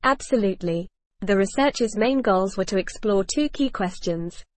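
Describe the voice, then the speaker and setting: A woman's voice: medium pitch, animated, moderate pace, darkish tone, no room sound. Dry, evenly read woman podcast host. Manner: polished, evenly read, reads cue notes aloud. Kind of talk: scripted podcast discussion.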